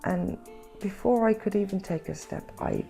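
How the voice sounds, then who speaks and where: A woman vlogger recounting her family estrangement in an emotional, halting way, repeating words when upset and close to tears at times. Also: medium pitch, creaky, warm tone, soft background music. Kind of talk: personal storytelling.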